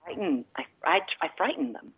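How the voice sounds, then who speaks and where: A woman from the Midwest calling in to a talk show, rambling and halting with lots of fillers. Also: lowish voice, very animated, husky, phone-quality sound. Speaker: caller. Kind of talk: phone-in chat.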